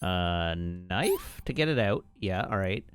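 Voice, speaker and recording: A man's voice: low-pitched, animated, slow pace, smooth. A man hosting a let's play, giving casual gameplay commentary in wry, muttering self-talk.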